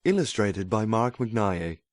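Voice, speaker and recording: A man reading a children's story aloud in a clear, even-toned way. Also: fairly low pitch, slow, no echo, clean studio sound. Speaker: narrator. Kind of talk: storybook read-aloud narration.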